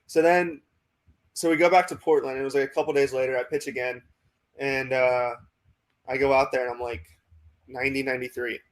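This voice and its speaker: A young man with an American accent, a minor league pitcher telling a long story in a casual interview, full of "like" and "um". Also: level tone, fairly quick, pauses often. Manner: rambling, many fillers like "like" and "um".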